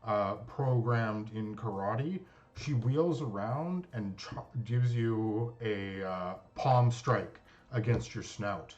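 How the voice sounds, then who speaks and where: A man narrating a tabletop game as game master, unhurried, with many filler pauses. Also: fairly low pitch, darkish tone, highs cut off.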